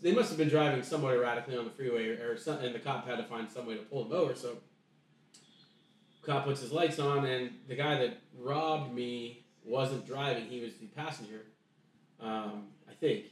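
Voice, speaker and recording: A man's voice: medium pitch, normal speed. Man telling a story from across an echoey room. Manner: rambling, with many restarts and reenacted dialogue. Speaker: podcast guest telling a story. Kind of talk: casual storytelling chat. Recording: echoey room, voice distant from mic.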